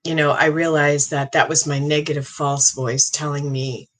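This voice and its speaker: A middle-aged woman, a psychic medium, giving an earnest, halting monologue with many restarts. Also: sits low, level tone, low-quality recording. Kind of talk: casual monologue.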